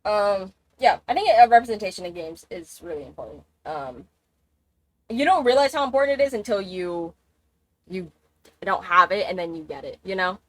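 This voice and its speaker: A woman's voice: medium pitch, big pitch swings, normal speed, dry recording. A young woman streaming a game, chatting casually, swearing, laughing and exclaiming as she plays.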